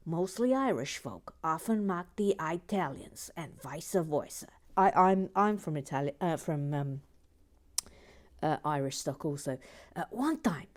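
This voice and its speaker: A woman doing a chatty Brooklyn lady. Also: on the low side. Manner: lively storytelling, reading a viewer's comment aloud.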